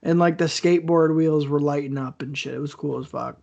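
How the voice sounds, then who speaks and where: A man's voice: a little high, steady tone, brisk, creaky, darkish tone, dull audio. A man co-hosting a podcast in laid-back, crude casual banter. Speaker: podcast co-host. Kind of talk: casual chat.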